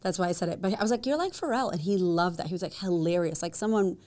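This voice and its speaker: A woman talking as a guest in a casual podcast conversation. She tells her stories with energy, acts out what people said by jumping up in pitch, laughs often, and swears casually. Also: quick pace. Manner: animated storyteller who acts out quotes with big jumps up in pitch.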